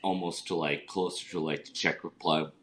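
Very deep-voiced rambling man. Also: steady tone, moderate pace, fairly bright tone, slight background noise. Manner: rambling, heavy use of "like". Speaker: podcast co-host. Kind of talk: casual chat.

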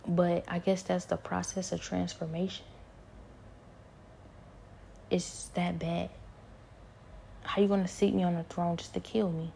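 A woman with a gravelly voice giving a hushed, rambling personal spiritual testimony, often dropping to a whisper. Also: fairly low pitch, level tone, a little slow, pauses often, slight background noise.

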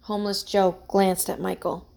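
A woman narrating a children's mystery story aloud in an even, plain way. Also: mid-range voice, moderate pace, gravelly.

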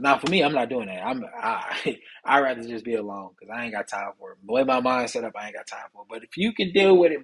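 A young man hosting a solo podcast, talking casually and preachily about men's mental health in streetwise slang, with a husky voice. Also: mid-range voice, poor audio. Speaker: podcast host.

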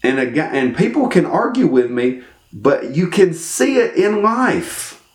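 A man's voice: fairly high pitch, a little slow. A man telling a story in casual talk and acting out the voices in it. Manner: animated, acts out the voices in his story. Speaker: storyteller giving life advice. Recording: echoey room.

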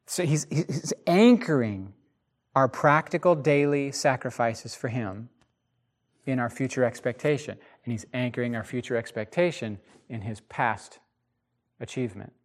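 A man teaching the Bible in a casual podcast chat, animated and emphatic, with frequent restarts. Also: mid-range voice, unhurried.

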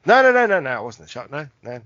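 A man's voice: a little high, sing-song, rapid-fire, a bit bright, dry recording, highs cut off. A man, co-hosting a podcast and rambling through a funny anecdote, laughing and swearing often. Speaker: podcast co-host. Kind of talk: casual chat.

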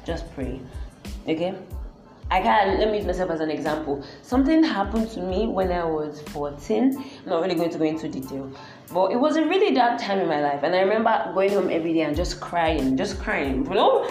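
A woman's voice: on the low side, very animated, brisk, soft background music. Blunt Nigerian woman ranting in echoey space. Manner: emphatic, repetitive, blunt and scolding. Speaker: vlogger. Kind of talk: personal advice rant to camera. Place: public place with people around.

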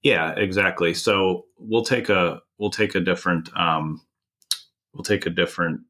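A man's voice: low voice, steady tone, measured pace, pushed and bright. A man from the United States explaining a marketing idea in a conversational podcast, with many restarts. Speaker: marketing consultant.

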